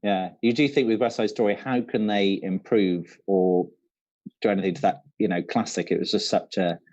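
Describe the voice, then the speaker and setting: A man with a Shrewsbury accent co-hosting a live online quiz from an office, chatty and quick to laugh, with plenty of "um"s. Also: on the low side, steady tone, darkish tone, no room sound, highs cut off. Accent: Shrewsbury English. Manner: chatty, laughs often, hesitant with "um". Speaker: quiz co-host. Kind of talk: casual live-stream quiz banter.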